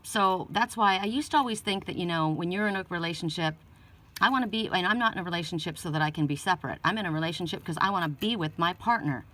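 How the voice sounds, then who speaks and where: A woman's voice: fairly low pitch, fast talker, sharp tone, far from the mic. A woman giving an oracle card reading, telling personal stories in an earnest, rambling way and often restarting sentences.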